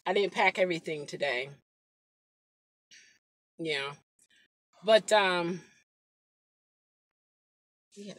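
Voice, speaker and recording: A woman's voice: mid-range voice, breathy edge. A woman rideshare driver chatting casually on a live stream from her car into a phone, telling stories with lots of exclamations. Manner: chatty, animated storytelling with frequent exclamations. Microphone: phone mic.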